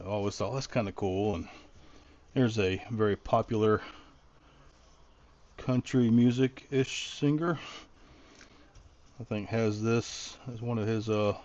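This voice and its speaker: A middle-aged man with a lowish voice talks through his home project in a loose, rambling way, often restarting his thoughts. The sound is a bit dull and lo-fi, like a basic home video recording. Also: a little mellow. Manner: rambling, thinking aloud with many restarts. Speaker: DIY vlogger. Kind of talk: casual DIY walkthrough.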